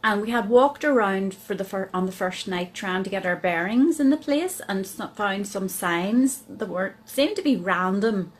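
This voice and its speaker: A woman with a Northern Irish accent, telling a chatty personal story to camera as a vlogger, with many pauses and fillers. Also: medium pitch, expressive, low-quality recording. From Northern Ireland.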